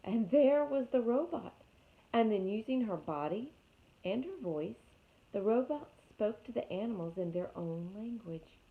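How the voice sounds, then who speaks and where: A woman reading a storybook aloud in an expressive way, speaking directly to young listeners as a teacher. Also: a little high, a little slow. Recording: tinny phone-like audio.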